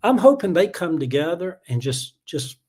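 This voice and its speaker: A man's voice: fairly high pitch, big pitch swings, moderate pace, a little mellow, slightly rough. Heated Southern man ranting on a livestream. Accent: Southern US, Atlanta. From Atlanta, USA. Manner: rambling, heated, chuckling, many fillers. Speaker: livestream host. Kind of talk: casual political rant.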